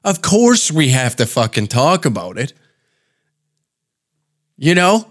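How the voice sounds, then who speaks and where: A man's voice: medium pitch, big pitch swings, slow. A man hosting a podcast, ranting in a rambling, profane, mocking way. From Canada. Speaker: podcast host. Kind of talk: casual podcast rant.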